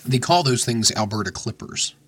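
A man co-hosting a podcast, ribbing the others with dry, deadpan remarks. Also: mid-range voice, normal speed. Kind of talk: casual chat.

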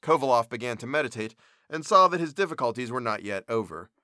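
Bright male storybook narrator. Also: mid-range voice, lively intonation, quick pace, no echo, studio quality. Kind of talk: storybook reading.

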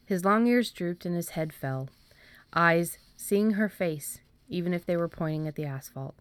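A woman, an author, reading her own story aloud in a measured way and then chatting about it with hesitant fillers. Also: fairly low pitch, animated, smooth, dry recording. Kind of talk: storybook narration, then casual chat.

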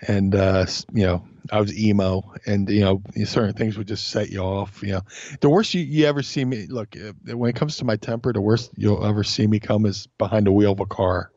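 A man's voice: fairly low pitch, a little fast, dry recording. A man guest in casual chat, telling stories with lots of swearing and acting out other people's voices. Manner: animated, swears a lot, acts out voices in stories. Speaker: podcast guest. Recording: dull lo-fi sound.

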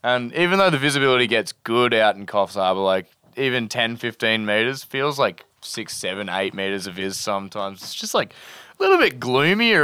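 Bright, crisp-voiced young Australian man. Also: fairly low pitch, no echo, clean studio sound. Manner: laid-back slangy, swears freely. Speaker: podcast guest, spearfisher. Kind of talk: casual storytelling.

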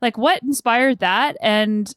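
A woman's voice: on the high side, slow pace, fairly bright tone, no room sound, clean studio sound. A woman hosting an interview, asking questions in a chatty casual way. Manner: chatty, many "like" fillers. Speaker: podcast host.

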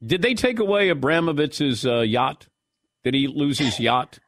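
A man's voice: mid-range voice, big pitch swings, normal speed, fairly bright tone. A middle-aged man hosting a sports radio show, asking playful, teasing questions in casual chat.

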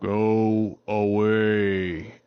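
A man voicing a giant talking tree that speaks in slow, booming, drawn-out commands. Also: flat delivery, clean tone, no echo, dull audio. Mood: commanding.

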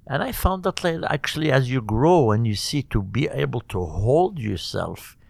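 An older man from Morocco, a cantor being interviewed, telling stories in a halting, earnest way with many restarts. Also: medium pitch, lively intonation, creaky, no room sound. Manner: halting, repeats and restarts words, warm and earnest. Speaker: cantor, guest. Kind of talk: conversational storytelling interview.

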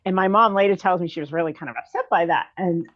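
Woman in her 30s, quick rambly chatty talk with lots of ums, kinda dull muffled audio. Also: lowish voice. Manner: candid, rambling, frequent fillers and restarts. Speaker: guest. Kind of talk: conversational podcast interview. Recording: dull lo-fi sound.

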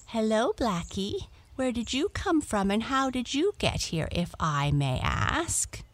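A woman voicing a friendly, polite female yellow cat who calmly reassures her new friend in a storybook reading. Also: on the high side, slow pace, no echo, pitched above the performer's own voice.

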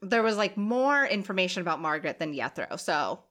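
A woman's voice: on the low side, big pitch swings, brisk, fairly bright tone. A woman podcast host telling a story in casual, profane, joking chat, sick with covid.

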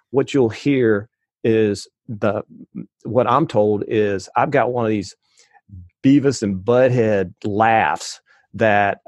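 A man's voice: lowish voice, a little mellow, dry recording. Rambling chatty man, dry close sound. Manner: rambling, many restarts and fillers, quick to laugh. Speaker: podcast guest. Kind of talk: casual conversation.

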